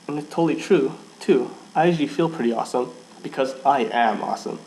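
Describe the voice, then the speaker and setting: A man with a middle-pitched voice reads a first-person fan story aloud. He often trips over words and restarts lines. A faint background hum sits under his voice. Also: fast talker, darkish tone, poor audio. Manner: stumbles and restarts, laughs at himself. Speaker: fan fiction reader.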